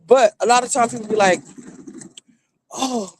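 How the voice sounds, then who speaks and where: A woman's voice: on the high side, moderate pace, a little hiss or hum. Blunt woman telling stories on stream. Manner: blunt, animated, acts out quoted people. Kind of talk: casual storytelling.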